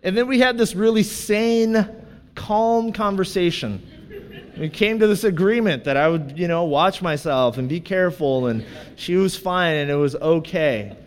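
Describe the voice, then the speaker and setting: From the church stage, a man in his thirties with a strikingly high voice for a man preaches through personal stories, lively and self-deprecating. He keeps a measured pace; a long reverb trails each phrase, along with a little hiss or hum.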